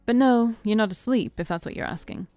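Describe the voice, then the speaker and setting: A woman doing a smug male vampire, slow and emphatic with a preacher's theatrical swing, his words drawn out over faint music in a dry space. he sounds knowing and sure of himself. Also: a little high, warm tone, no echo, lightly acted.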